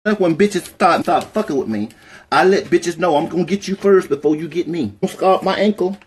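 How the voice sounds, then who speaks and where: A woman telling a personal story in a casual vlog, animated and profane, talking straight to her viewers. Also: fairly low pitch, fairly quick.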